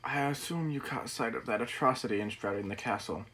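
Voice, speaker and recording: A man's voice: mid-range voice, a little fast, a bit bright, a little hiss or hum, close to an everyday voice, rough recording. A man voicing a mysterious old man from a game, reading the dialogue aloud in a put-on accent. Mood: grave, measured.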